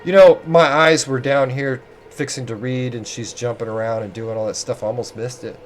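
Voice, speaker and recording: A man's voice: mid-range voice, fairly even intonation, moderate pace, a little hiss or hum. A man giving casual let's play commentary in a chatty, joking, self-deprecating way.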